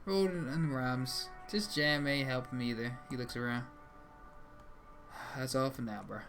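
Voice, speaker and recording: A man's voice: mid-range voice, normal speed, fairly bright tone, soft background music. A young man streaming a game live, talking casually and with a lot of swearing, and reading the dialogue aloud in changing voices.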